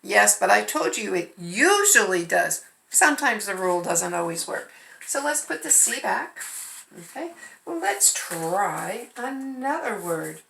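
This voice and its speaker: A woman's voice: medium pitch, very animated, measured pace, vocal fry, sharp tone, a little hiss or hum. A woman teaching first graders phonics, patiently sounding out letters and syllables. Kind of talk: remote phonics lesson. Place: home. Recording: echoey room.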